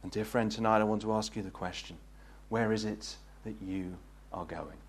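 A man preaching a gospel sermon, earnest and pleading, rising to fervent peaks and then dropping low. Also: steady tone, normal speed, a little hiss or hum. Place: meeting hall.

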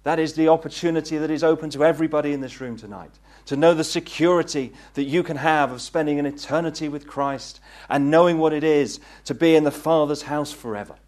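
A man preaching a gospel sermon, earnest and pleading, rising to fervent peaks and then dropping low. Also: a little fast, hardly any pauses, darkish tone. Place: meeting hall.

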